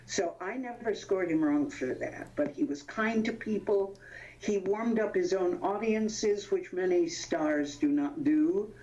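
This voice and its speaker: An older woman in her eighties with a low voice reminisces as an interview guest. She tells stories animatedly, laughs often and pauses to hunt for names. The sound is dull and lo-fi. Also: dark tone. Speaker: interview guest, veteran actress. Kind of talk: anecdotal reminiscing.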